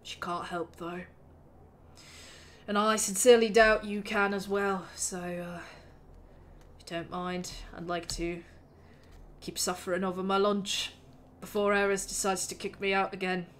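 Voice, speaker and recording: A woman's voice: medium pitch, level tone, measured pace, a bit bright, pitched below the performer's own voice, natural voice. A woman voicing a weary, gloomy man brooding over his lunch in a fantasy tavern game, speaking with tired reluctance.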